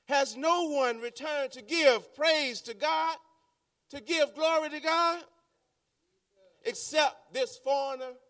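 A preacher voicing Jesus, stern and questioning. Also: male voice, very high-pitched, takes it slowly, fairly bright tone, pitched above the performer's own voice, heavily acted. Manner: repeats questions with rising force.

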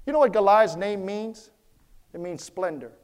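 Man, pastor, church sermon, high voice, repeats phrases, calls for responses. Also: normal speed, smooth. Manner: repetitive, preacherly, calls for response.

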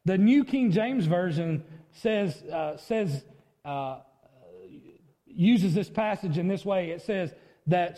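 A male pastor preaching a sermon, with emphatic delivery and sudden high outcries as he acts out a plea. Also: slow pace, dark tone, long reverb tail.

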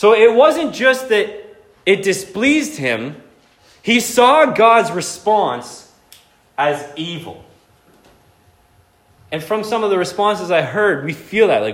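A male pastor delivers a sermon in a high, bright speaking voice. He talks to the congregation in a casual, conversational way and slips in jokes as he goes. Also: takes it slowly, pauses often. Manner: animated, conversational, joking.

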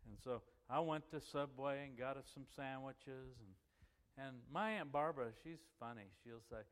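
A man's voice: mid-range voice, normal speed, clean tone, long reverb tail. A middle-aged man telling a chatty church story, acting out what people said and laughing as he goes. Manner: chatty and animated, acts out quoted voices and laughs as he goes. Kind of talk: folksy anecdotal storytelling.

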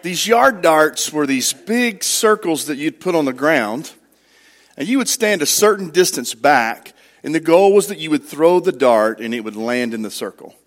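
Middle-aged male pastor, conversational sermon with questions to the congregation, voice sits a little high. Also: expressive, moderate pace.

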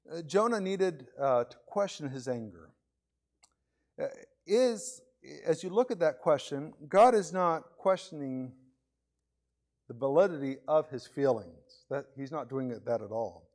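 A man's voice: on the high side, darkish tone. A man preaching a sermon in a conversational way, often repeating words as he starts a phrase. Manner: acts out voices of others in his examples.

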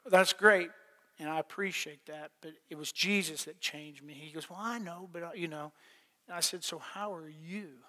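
Middle-aged preacher guy, folksy and plainspoken, kinda high voice, long echo like a big church. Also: moderate pace, sharp tone. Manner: plainspoken, folksy testimony with laughs and repetitions. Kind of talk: sermon. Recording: long hall reverb.

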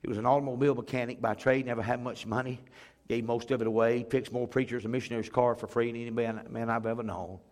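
A man's voice: medium pitch, fairly even intonation, fast talker, darkish tone. A middle-aged man, a pastor preaching and telling a story in an earnest, emotional way. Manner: earnest, emotional storytelling that acts out others' words. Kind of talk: storytelling sermon.

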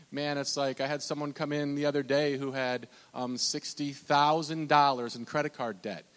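A man talks in a loose, rambling way, circling back with restarts and fillers. His voice sits a little high for a man, and a long reverb trails behind his words. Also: a bit bright. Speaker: bank loan officer. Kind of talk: casual talk.

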